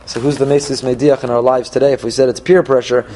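A man teaching a Torah class, reading verses and translating them phrase by phrase, with frequent pauses and restarts as he thinks aloud. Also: mid-range voice, little pitch movement, warm tone.

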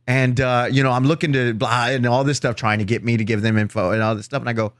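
A man's voice: medium pitch, fast talker, few pauses, no echo, clean studio sound. A man who is a comedian, chatting casually on a podcast and acting out both sides of his stories. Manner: animated storyteller acting out both sides of chats. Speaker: comedian guest.

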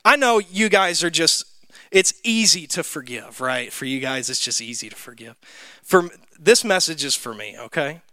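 A man's voice: on the high side, lively intonation, moderate pace, pushed and bright, dry recording. A young man from Mississippi, telling a personal story in a sermon with many fillers. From Mississippi, USA. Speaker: church speaker. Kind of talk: sermon testimony.

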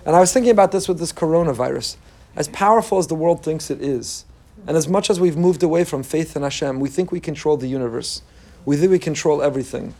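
A man, a rabbi giving an emphatic Torah class, reading Hebrew text aloud and translating it. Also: dark tone. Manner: emphatic, rises in pitch when making a point.

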